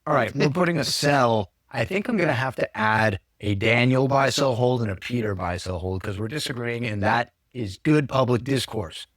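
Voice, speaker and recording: A man hosts a casual podcast in an even, middle-pitched voice. He rambles, corrects himself mid-sentence and drops dry joking asides. The sound is close and dry, with no room echo. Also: moderate pace, few pauses. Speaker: podcast host.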